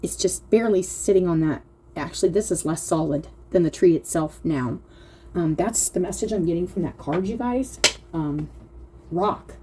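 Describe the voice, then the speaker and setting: A woman giving a casual spiritual card reading, earnest and heartfelt, reading card texts aloud slowly and often speaking straight to her viewers. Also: lowish voice, mellow, slight background noise. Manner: earnest, slow reading aloud, often addressing "you guys". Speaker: oracle card reader.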